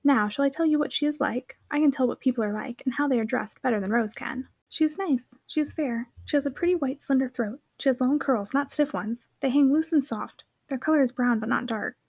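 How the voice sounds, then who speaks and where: A woman voicing a lively, charming little girl who chatters eagerly in a storybook reading. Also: sits high, fairly quick, creaky, few pauses, breathy edge, full character voice.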